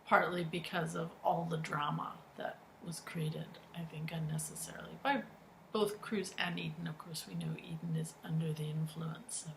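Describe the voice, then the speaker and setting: A fairly low woman's voice with a gravelly creak, calmly weighing in on the episodes. Her commentary is casual and thoughtful. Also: normal speed, a little hiss or hum, rough recording. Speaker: podcast co-host.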